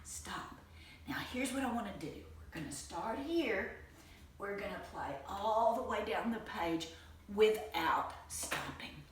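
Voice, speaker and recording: A woman's voice: mid-range voice, lively intonation, slow pace. A woman teaching a children's music lesson, encouraging and chanting rhythm syllables in a home room with tile floors. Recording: roomy far-off home recording, loud noise.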